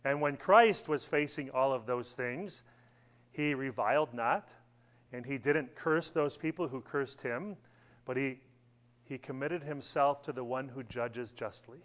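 A man's voice: medium pitch, measured pace, fairly bright tone. A middle-aged man teaching a church Bible study in a conversational way, asking his class questions and using many fillers.

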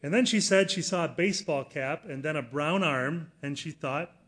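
A middle-aged man preaches in an earnest storytelling voice that sits a little high for a man. He builds from steady explanation to loud, emphatic moments as he drives home his points. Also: moderate pace. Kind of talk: sermon with personal story.

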